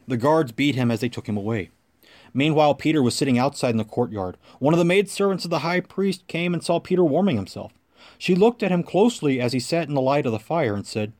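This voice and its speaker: Man reading scripture in a solemn, measured way. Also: mid-range voice, lively intonation, darkish tone. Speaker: scripture reader. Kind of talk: liturgical scripture reading and prayer.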